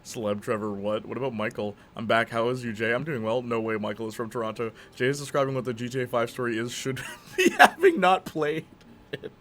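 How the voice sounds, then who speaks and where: Male streamer, casual rambling chat with a bright, sharp tone. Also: mid-range voice, expressive, fairly quick, slight background noise. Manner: rambling, jokey, acts out silly dialogue.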